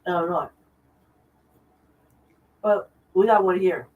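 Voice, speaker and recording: A woman's voice: lowish voice, takes it slowly, recorded from a distance, narrow, tinny audio. A woman with a Southern accent, chatting rambling and repetitive on a livestream. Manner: rambling, repeats herself. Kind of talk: casual livestream chat. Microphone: far from the mic.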